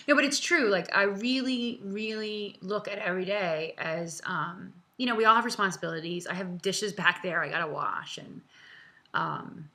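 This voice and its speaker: A woman's voice: medium pitch, unhurried, sharp tone. A woman in her thirties talking from home in a vlog, answering viewers in a chatty, earnest way with many fillers and laughs, close to tears. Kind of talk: casual, heartfelt direct-to-camera talk.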